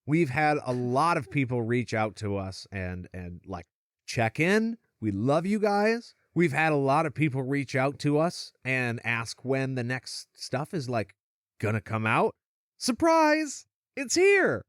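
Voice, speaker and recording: Lively man co-hosting a casual podcast. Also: mid-range voice, measured pace, no echo, studio quality. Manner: animated, laughs often. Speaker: podcast co-host. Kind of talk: casual chat.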